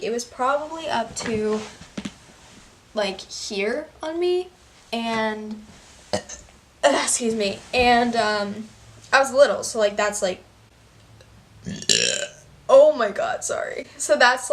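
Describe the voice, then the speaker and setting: Young female vlogger, chatty and sarcastic, filler-heavy delivery, slightly distant mic. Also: mid-range voice. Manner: rambling, sarcastic, heavy "like" and "basically". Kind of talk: storytime vlog.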